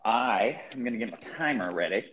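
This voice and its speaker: A man's voice: on the low side, expressive, brisk, fairly bright tone, slight background noise. A man hosting a podcast in casual chat, loose and profane while moderating.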